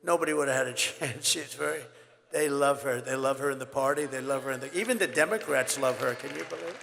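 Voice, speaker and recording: Gravelly hoarse older man at a rally. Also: quick pace. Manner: rambling, repetitive, boastful, shifts between loud shouts and low asides. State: hoarse, voice worn from several speeches. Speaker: political candidate at a rally. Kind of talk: campaign rally speech. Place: large rally venue. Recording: reverberant hall with crowd and faint noise.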